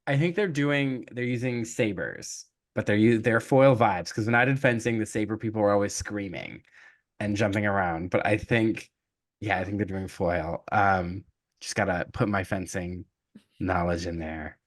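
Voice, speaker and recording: A man's voice: fairly low pitch, normal speed. A man co-hosting a podcast in casual chat, retelling a film scene by scene and playfully acting out the characters' lines. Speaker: podcast co-host.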